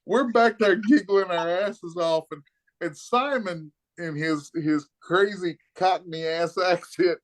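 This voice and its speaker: A man's voice: sits high, measured pace. Profane man telling stories. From Kentucky, USA. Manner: profane, animated storyteller. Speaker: guest, comic artist. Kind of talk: casual storytelling anecdote.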